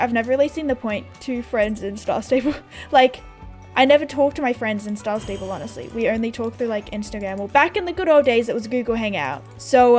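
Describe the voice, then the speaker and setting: Chatty sarcastic Australian woman, slightly high. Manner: sarcastic, chatty, laughs often. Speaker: gaming YouTuber. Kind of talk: casual chat while playing a game. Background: faint background music.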